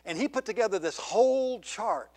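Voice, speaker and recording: A man's voice: high-pitched, animated, moderate pace, darkish tone. A man preaching a sermon as pastor, earnest and full of rhetorical questions to the congregation. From Georgia, USA. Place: church sanctuary.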